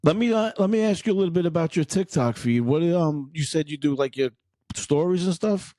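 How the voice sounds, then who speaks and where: A man's voice: a little high, lively intonation, a little fast, dark tone, dry recording, studio quality. A man hosting a podcast and interviewing a guest in an easygoing, chummy way. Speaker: podcast host. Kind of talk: casual interview chat.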